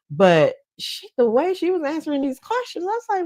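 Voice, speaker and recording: A woman's voice: high-pitched, wildly swooping pitch, moderate pace, a little mellow, no echo. A woman giving casual commentary in a blunt, profane, chatty way, often breaking into laughs. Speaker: commentary vlogger.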